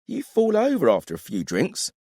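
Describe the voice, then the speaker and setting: A man's voice: high voice, huge pitch swings, normal speed, slightly rough, dry recording, studio quality, voice pushed up, heavily acted. Man putting on a curt female warrior. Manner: curt and sharp. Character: blunt impatient female warrior rider.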